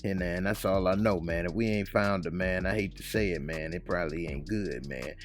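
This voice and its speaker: A man voicing a weary, street-hardened man who mutters bad news in a low, subdued voice. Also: fairly quick, faint music behind, lightly acted. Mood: grim.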